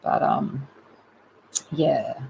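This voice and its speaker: An Australian woman hosting an art livestream, chatting casually with her viewers, rambling and breaking into excited outbursts. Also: very deep voice, extremely slow, vocal fry, a little hiss or hum, rough recording.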